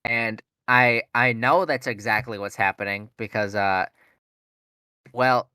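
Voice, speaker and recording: A man's voice: mid-range voice, fairly even intonation, slow, pushed and bright, smooth, no room sound. A young man, a podcast co-host, telling a rambling story in casual chat, full of fillers and swearing. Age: young adult.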